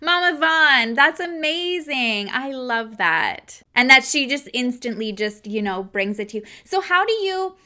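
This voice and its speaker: A woman with a fairly high, bright and forceful voice hosts a podcast interview. She asks her questions casually and keeps backing her guest up with friendly affirmations. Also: animated, a little slow, hardly any pauses. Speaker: podcast host.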